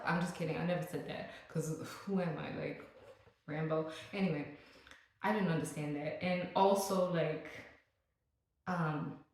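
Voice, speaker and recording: A woman's voice: low-pitched, fairly even intonation, unhurried, pauses often. Chatty woman vlogger in an echoey room. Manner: chatty and joking, with playful asides. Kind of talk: casual vlog rant.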